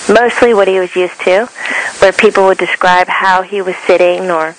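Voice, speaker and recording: Woman medium relaying answers slowly. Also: mid-range voice, steady tone, low-quality recording. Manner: describes what she sees, relaying in a slow, halting way. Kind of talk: casual chat.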